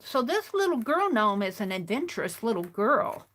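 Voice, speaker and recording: A woman's voice: a little high, very animated, normal speed, hardly any pauses, fairly bright tone. A woman hosting a craft stream, telling a rambling, chatty story in a casual way and often restarting her phrases.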